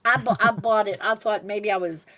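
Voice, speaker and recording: A woman's voice: medium pitch, moderate pace. A woman co-hosting a casual podcast chat, telling a story with lots of laughter. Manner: laughs often, animated storytelling. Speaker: podcast co-host.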